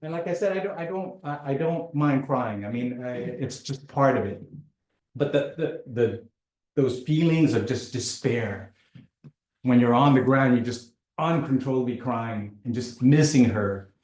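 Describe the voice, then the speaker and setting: A man telling a personal story in a halting way, often repeating words, with dark self-mocking humor. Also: medium pitch, roomy sound.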